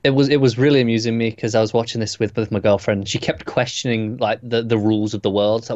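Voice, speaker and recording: A man talks fast in a casual review chat, quick to agree and add jokes. His audio sounds dull and dry, with no room echo. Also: medium pitch, steady tone, darkish tone. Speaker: podcast co-host reviewing TV.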